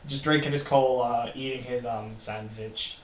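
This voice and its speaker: Very low-voiced, lively woman. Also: a little fast, crowd noise. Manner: blunt, swears casually. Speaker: co-storyteller. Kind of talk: casual fan story role-play chat. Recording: echoey room.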